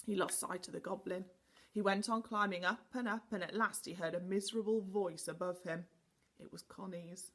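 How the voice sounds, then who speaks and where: A woman teacher reading a children's storybook aloud with animated, expressive delivery. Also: lowish voice, normal speed.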